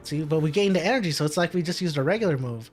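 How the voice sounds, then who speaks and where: This man speaks rapid-fire in an expressive voice on the high side, with soft music in the background. As a gaming commentator, he gives relaxed let's-play commentary on his own card game, coaching himself through each play and chuckling and muttering at setbacks.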